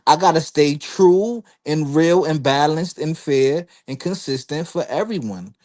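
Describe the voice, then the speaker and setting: Man, panel guest, slightly high voice, loose storytelling style with acted-out quotes. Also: unhurried. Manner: animated storytelling, acts out quotes, frequent fillers. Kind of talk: casual chat.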